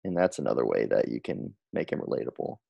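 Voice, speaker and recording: Young dude, really low gravelly voice, thinking out loud on a call. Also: male voice, big pitch swings, fast, dry recording, lo-fi sound. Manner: thinks aloud, restarts sentences. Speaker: podcast co-host. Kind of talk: casual chat. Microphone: remote call mic.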